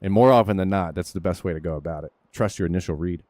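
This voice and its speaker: A man's voice: sits low, fast talker, darkish tone, no echo. A man streaming a golf video game, talking through his shots in casual commentary, candid and coaching himself, swearing now and then. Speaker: gaming streamer. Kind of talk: casual commentary while playing.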